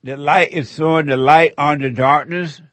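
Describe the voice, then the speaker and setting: A man's voice: on the high side, fairly even intonation, moderate pace, a bit bright, no echo. A man hosting a call-in radio show, rambling and laughing as he gives spiritual counsel.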